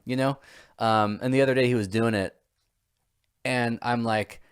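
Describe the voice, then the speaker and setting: A man's voice: mid-range voice, fairly even intonation, moderate pace, smooth. Man, podcast co-host, casual chat, rambling, restarts often, reflective. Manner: rambling, self-reflective, many fillers and restarts.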